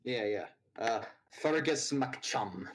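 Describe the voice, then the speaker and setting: A man's voice: mid-range voice, expressive, takes it slowly, poor audio. A man narrating as game master in a tabletop game, loose and rambling with lots of fillers.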